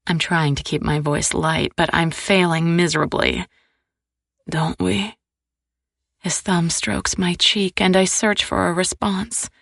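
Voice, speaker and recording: A woman narrating a first-person romance audiobook in an intimate, soft-spoken way. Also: fairly low pitch, fairly even intonation, a little slow, gravelly, few pauses, no room sound, clean studio sound.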